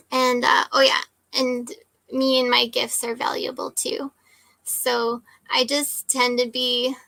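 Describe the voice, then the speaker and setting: Bright, chatty woman telling a story. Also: fairly high pitch, dry recording. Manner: chatty, emphatic, many "like" and "right?" tags. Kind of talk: casual storytelling chat.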